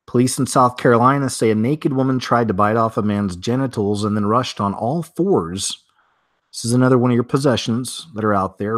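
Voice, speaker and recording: A man's voice: medium pitch, a bit bright, no echo, studio quality. A man hosting a weird-news show, reading headlines aloud and then riffing on them in a chatty, offhand way. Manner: chatty, reads headlines then riffs with asides. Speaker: news commentary host. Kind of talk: casual news commentary.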